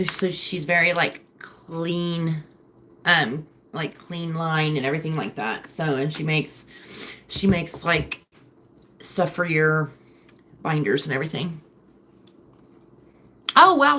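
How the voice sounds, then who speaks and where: A woman's voice: sits low, takes it slowly, pauses often, bright, forceful tone, slight background noise. A woman hosting a casual livestream from home at night, rambling and chatty with lots of fillers. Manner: chatty, filler-heavy, emotional. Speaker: livestream host. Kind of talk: rambling live-stream chat.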